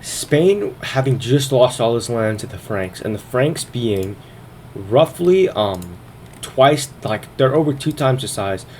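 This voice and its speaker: An expressive man at medium pitch speaks slowly, his tone a little mellow, with a little hiss or hum in the recording. The gaming video host casually comments on a strategy game, narrating each turn as he thinks aloud and occasionally running a bit short of breath.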